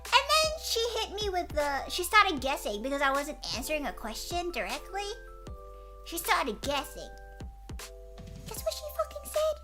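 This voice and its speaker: A woman streamer chatting casually and telling a story in an animated way, swearing and restarting often. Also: high voice, normal speed. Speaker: streamer host. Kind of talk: casual chat. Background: background music.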